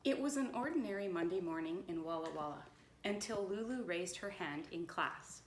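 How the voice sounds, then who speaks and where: A woman school librarian reading a storybook aloud to children, with lively storytelling. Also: lowish voice, normal speed, a little hiss or hum. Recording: roomy echo.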